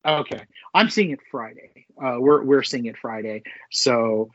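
A man co-hosting a podcast in casual chat, excitable and swearing freely, with lots of fillers. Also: medium pitch, measured pace, no room sound. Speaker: podcast co-host. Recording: dull lo-fi sound, dry.

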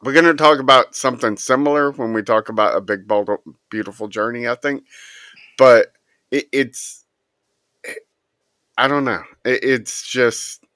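A man co-hosting a podcast in casual chat, speaking haltingly and trailing off. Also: medium pitch, sharp tone, dry recording.

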